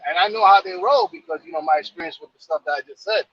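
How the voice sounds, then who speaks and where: A man's voice: fairly high pitch, huge pitch swings, very fast, vocal fry, fairly bright tone, breathy edge, no room sound, highs cut off. A man from New York casually telling a long, rambling story, full of fillers and repeated phrases.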